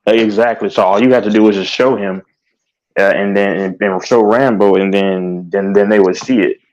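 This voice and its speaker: A man's voice: on the low side, fairly even intonation, moderate pace, darkish tone. A man from Texas in casual podcast chat, laid-back and often restarting his sentences. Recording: dull lo-fi recording.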